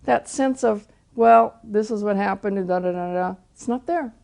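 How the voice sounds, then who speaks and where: A woman's voice: medium pitch, normal speed, creaky, darkish tone. Older woman telling a testimony. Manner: storytelling with frequent restarts. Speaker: Christian teacher. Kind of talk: personal testimony talk.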